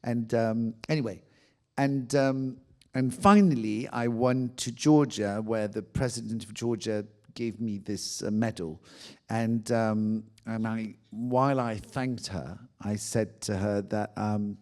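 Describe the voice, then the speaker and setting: French-accented man telling a lively story. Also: on the low side, slow pace. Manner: animated anecdote telling with acted-out quotes. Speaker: guest. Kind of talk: conversational storytelling.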